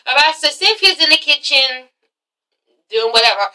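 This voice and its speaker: Sassy, bright-voiced young woman vlogger. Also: high-pitched, lively intonation, moderate pace, recorded from a distance, rough recording. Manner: chatty, sassy, swears. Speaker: TV recap vlogger. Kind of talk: casual recap vlog.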